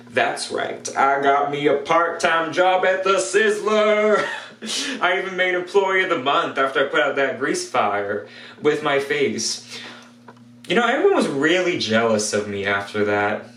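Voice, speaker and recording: An actor playing a dim-witted young fast-food worker who tells a story in a deadpan, oblivious way. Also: male voice, medium pitch, recorded from a distance, lightly acted. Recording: roomy, from the mic.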